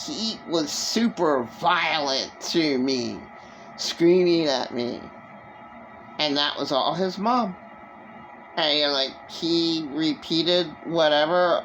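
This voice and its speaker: A woman talks slowly through an emotional personal monologue, stopping and restarting her sentences. Her fairly low voice swings widely in pitch. Soft music plays faintly behind her. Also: poor audio. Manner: rambling, halting, with many restarts. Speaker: vlogger.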